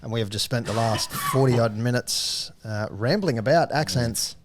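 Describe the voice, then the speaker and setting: A man's voice: mid-range voice, noisy background. An Australian man hosting a casual podcast, bantering wryly and reading sponsor plugs. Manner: wry, exasperated, quick reads of sponsor plugs. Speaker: podcast host. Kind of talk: casual banter and show intro.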